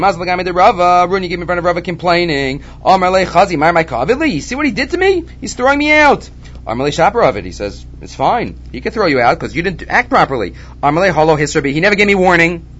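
A man teaching a Talmud lesson, animated and repeating his key points. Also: a little high. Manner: animated, repeats key points, mixes Hebrew and Aramaic terms. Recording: dull lo-fi recording with faint background noise.

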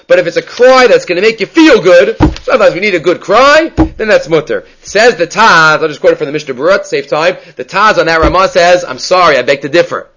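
Man, Talmud teacher, somewhat high voice, animated and questioning. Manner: animated, rhetorical questions, mixes Hebrew terms. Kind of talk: daily Talmud class.

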